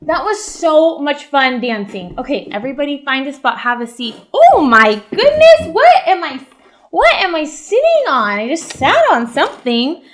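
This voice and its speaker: A young woman, a kindergarten teacher, talks to young children in an animated, upbeat way during a lesson. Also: sits high, moderate pace. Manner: animated and upbeat, talking to kids.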